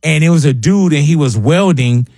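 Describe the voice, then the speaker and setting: Male podcast host, storyteller, raspy voice, close dry sound. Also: a little high, moderate pace, dry recording. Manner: storytelling, animated, laughs often. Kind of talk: casual chat.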